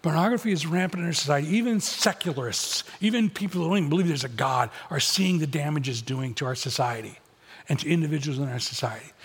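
A middle-aged pastor delivers a blunt, joking sermon to his congregation. His voice is husky and sits a little high for a man. The church around him rings with a long echo. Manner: blunt, conversational preaching with humor. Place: church auditorium. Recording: long hall reverb.

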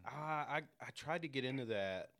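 A man's voice: mid-range voice, expressive, moderate pace, creaky, fairly bright tone, roomy sound. A man co-hosting a podcast, chatting casually in a laid-back way and trailing off mid-thought. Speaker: podcast co-host. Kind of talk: casual chat.

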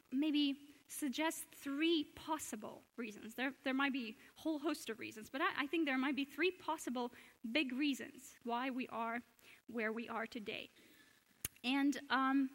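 A woman's voice: sits high, fairly bright tone. A woman giving an earnest public lecture at a church, asking questions and often restarting her sentences. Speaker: speaker giving a talk at a church. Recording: long hall reverb.

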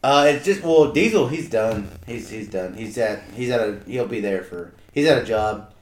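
A man chatting casually on a podcast, telling lively work stories and swearing freely. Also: mid-range voice, normal speed. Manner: animated storytelling, swearing, mimics a coworker. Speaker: podcast co-host. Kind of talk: casual chat. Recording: echoey room.

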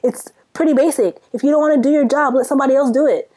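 A fast-talking young woman from Sudan, with a high, warm voice, co-hosts a podcast. She rants casually and with exasperation, full of rhetorical questions.

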